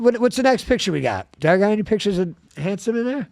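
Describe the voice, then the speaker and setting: A man hosting a casual podcast, telling animated stories and swearing freely. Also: high-pitched, quick pace, vocal fry, dry recording, studio quality. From South Florida. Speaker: podcast host.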